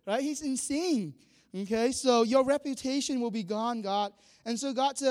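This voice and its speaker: A high-pitched man delivers a lively sermon, acting out the voices of the people he quotes. His words ring out with a long reverb, as in a large hall. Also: moderate pace. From Vietnam. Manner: animated, acts out quoted dialogue, laughs often. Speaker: pastor.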